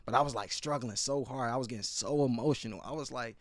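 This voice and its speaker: Male podcast host, earnest and emphatic, lots of slang, mid pitch, dry close recording. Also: animated, a little fast, fairly bright tone, no echo. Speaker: podcast host and restorative practitioner. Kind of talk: casual podcast chat.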